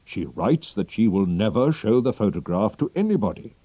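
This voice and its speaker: A man's voice: fairly low pitch, very animated, normal speed, slightly rough, no room sound, highs cut off. A man reading aloud, voicing a proud, anxious king. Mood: relieved. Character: proud, anxious male king, middle-aged.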